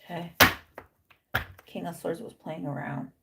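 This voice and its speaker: A tarot reader with a fairly low, steady voice and vocal fry speaks at a measured pace over heavy background noise. Her casual reading is emphatic and repetitive, peppered with Spanish slang in her English, and she acts out invented lines for the card figures.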